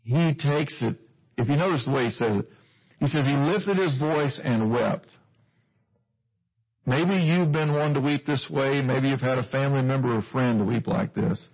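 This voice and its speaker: A man's voice: medium pitch, normal speed, husky. A male preacher giving a sermon, teaching earnestly and putting questions to his listeners, on a dull lo-fi recording.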